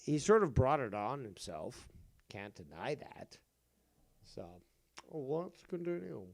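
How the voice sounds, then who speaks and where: A man's voice: medium pitch, very animated, slow, vocal fry. A man hosting a livestream, rambling in casual commentary with lots of fillers and swearing. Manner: rambling, profane, many fillers. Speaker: livestream host.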